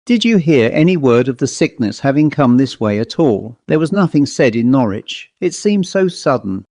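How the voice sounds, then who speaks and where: A man voicing an old-fashioned country rector who speaks crisply and a little impatiently. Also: medium pitch, very animated, moderate pace, a little mellow, no echo. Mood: brisk. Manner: crisp, clipped and somewhat impatient. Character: brisk, fussy male country rector.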